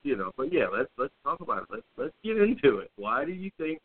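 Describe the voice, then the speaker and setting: Profane, animated man on a tinny line. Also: on the high side, brisk. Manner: blunt, profane, animated storytelling. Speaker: podcast co-host. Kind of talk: casual chat. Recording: tinny phone-like audio.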